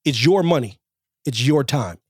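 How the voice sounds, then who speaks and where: A man's voice: moderate pace, slightly rough, no room sound, clean studio sound. A man co-hosting a podcast in casual chat. He talks in an emphatic, repetitive way and jumps into mocking quoted voices. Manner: animated, emphatic, repeats himself, jumps into high mocking quotes. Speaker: podcast co-host.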